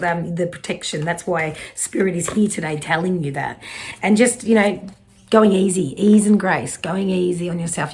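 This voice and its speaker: A woman's voice: on the low side, darkish tone. A middle-aged woman with an Australian accent, giving a casual, reassuring psychic card reading and swearing now and then.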